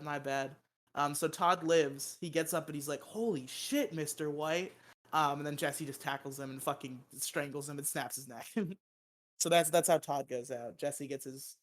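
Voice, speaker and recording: A man's voice: fairly high pitch, a bit bright. Laughing, swearing man on a podcast. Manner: laughs often, swears casually, acts out quotes. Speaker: podcast host. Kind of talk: casual movie review chat.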